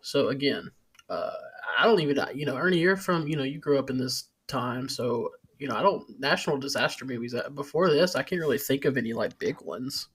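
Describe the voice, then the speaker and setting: Man, podcast host, husky voice, halting and full of fillers. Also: mid-range voice, a bit bright. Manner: hesitant, filler-heavy, chuckles. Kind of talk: casual chat.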